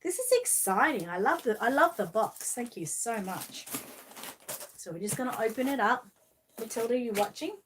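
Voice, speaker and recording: An Australian woman hosting a live stream, opening a gift box and talking warmly and emotionally to her viewers in casual chat. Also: fairly high pitch, a little hiss or hum. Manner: gushing, emotional, talks to viewers. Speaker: channel host unboxing a gift.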